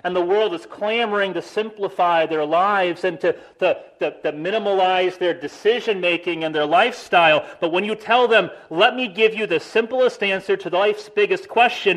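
Animated preaching man, higher voice. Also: low-quality recording. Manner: animated preaching with dramatic stresses and slow emphatic phrases. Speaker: pastor. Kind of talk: sermon.

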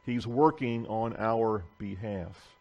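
Guy giving a sermon in church, real slow and measured, reads the bible out loud. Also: fairly low pitch, highs cut off. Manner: slow and deliberate, reading scripture aloud with pauses. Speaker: preacher. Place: church in front of a congregation.

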